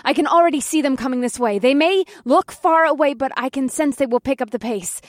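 A man voicing a group of fierce, foul-mouthed young witches in a storybook reading, shouting and cursing. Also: extremely high pitch, brisk, dry recording, clean studio sound, voice pushed up.

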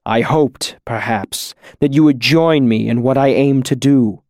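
A man's voice: mid-range voice, a little slow, no echo, studio quality, lightly acted. A man voicing a grief-stricken fallen male hero who speaks with heavy weariness, at times breaking into anguish. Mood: resigned. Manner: weary and heavy, rising to anguished shouts. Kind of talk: audiobook character voice.

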